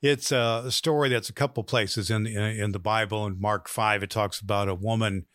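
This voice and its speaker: A man hosting a podcast, earnestly encouraging listeners and telling a slow joke. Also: fairly low pitch, steady tone, fairly bright tone, no room sound, clean studio sound. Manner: earnest, with fillers, slow storytelling. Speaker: podcast host.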